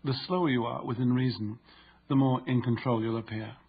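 A man narrating an instructive audiobook in a steady, explanatory way. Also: medium pitch, brisk, slightly rough, lo-fi sound.

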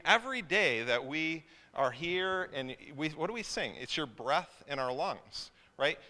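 A man's voice: mid-range voice, sharp tone. A male pastor preaching a sermon, telling a family story in a loose, conversational way with many fillers and restarts. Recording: long hall reverb.

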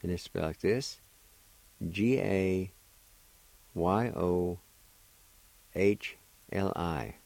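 A deep-voiced man hosts a language lesson, spelling words letter by letter and repeating every syllable slowly and patiently. The sound is close and dry, with no room around it. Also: gravelly, a little mellow, no echo, rough recording. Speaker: radio host teaching Cherokee words. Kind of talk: slow spelling and pronunciation lesson.

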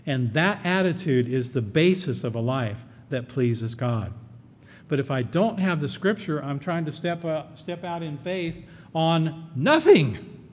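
A man's voice: animated, unhurried. A man preaching a sermon as pastor, earnest and emphatic, repeating his key phrases. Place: church. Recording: echoey hall, faint rumble.

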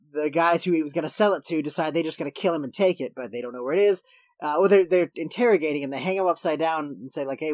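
Rambling, slightly high-voiced podcast guy. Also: a little mellow, dry recording. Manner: rambling, self-correcting, laughs while recapping. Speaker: podcast co-host. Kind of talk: casual podcast chat about a movie.

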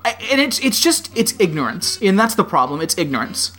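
Podcast co-host, mid pitch, lively intonation, thoughtful, faint music behind. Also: brisk. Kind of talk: casual chat.

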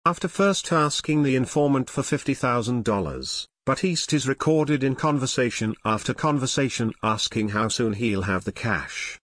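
A man reading nonfiction narration in a measured, matter-of-fact way. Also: mid-range voice, animated, a bit bright, no echo, studio quality.

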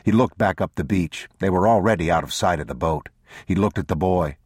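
Male audiobook narrator with a very low, husky voice and dry close sound, measured and somber. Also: a little mellow, dry recording. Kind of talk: scripted narration.

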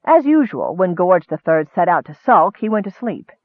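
Lively high-voiced male storyteller. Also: moderate pace, dry recording. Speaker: audiobook narrator. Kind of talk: storybook narration. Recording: narrow phone-like dry recording.

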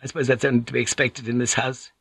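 A man's voice: medium pitch, little pitch movement, fast, fairly bright tone, slightly rough, dry recording, studio quality. A man voicing a sour, complaining old woman who grumbles impatiently. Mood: grumbling.

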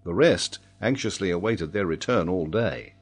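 A man narrating an adventure novel as an audiobook, reading in a measured, even way. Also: low voice, slightly rough.

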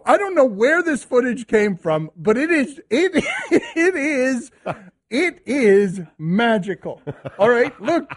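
A male radio host telling a story with animated energy, laughing as he talks. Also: very high-pitched. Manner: excitable storyteller, laughs while talking. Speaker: radio sports show host.

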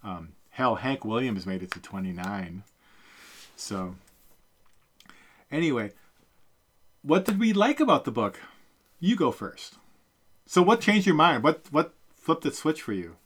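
A man's voice: medium pitch, very animated, a little slow, long pauses, fairly bright tone, slight background noise. A middle-aged man co-hosting a podcast, chatting casually about a book, rambling with many fillers and self-corrections. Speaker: podcast co-host. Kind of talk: casual book-review chat.

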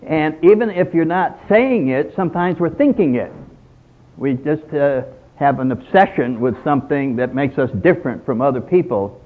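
A man's voice: on the high side, expressive, moderate pace. A man speaking at a recovery meeting in a conversational storytelling way. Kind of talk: personal talk with told jokes. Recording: tinny phone-like sound.

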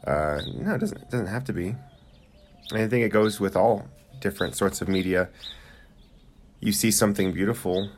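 A man's voice: fairly low pitch, expressive, normal speed, pauses often, soft background music. A young man co-hosting a casual home podcast, rambling and hesitant with lots of fillers. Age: young adult. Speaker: podcast co-host. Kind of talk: casual chat. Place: home room with squeaky chairs.

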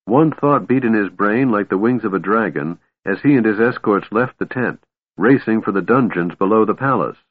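A man reading a fantasy audiobook aloud, expressive and shifting voices for each character. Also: lowish voice, normal speed, breathy edge, dry recording. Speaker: audiobook narrator. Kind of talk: scripted narration. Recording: tinny phone-like dry sound.

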